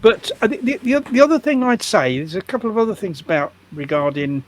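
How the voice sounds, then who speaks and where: An older man in casual conversation, halting and stammering through restarts. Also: high-pitched, very animated. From United Kingdom. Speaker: guest activist.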